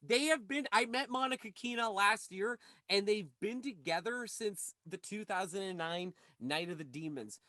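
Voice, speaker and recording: A man's voice: high voice, moderate pace, few pauses, no room sound. A man co-hosting a podcast, talking casually, swearing freely and blurting out asides. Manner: profane, lively, blurts out asides. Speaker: podcast co-host. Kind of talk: casual chat.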